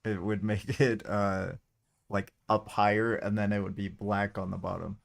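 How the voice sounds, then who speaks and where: A man's voice: fairly low pitch, little pitch movement, moderate pace, vocal fry. A man hosting a live stream, laid-back and teasing, laughing often between remarks. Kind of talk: casual live-stream chat.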